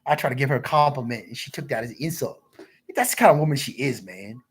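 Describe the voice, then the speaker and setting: A man with a husky, breathy voice rambles through crude, repetitive stories on a livestream. His pitch swings widely up and down as he talks. He breaks off to read viewer comments aloud. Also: animated, quick pace.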